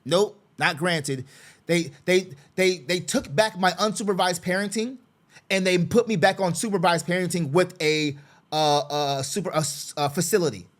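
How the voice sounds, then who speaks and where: Brief: man with a high-pitched voice, a frustrated father talking through his own case, repetitive and sarcastic. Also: moderate pace, fairly bright tone. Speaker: father representing himself in a custody case. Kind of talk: casual screen-share walkthrough.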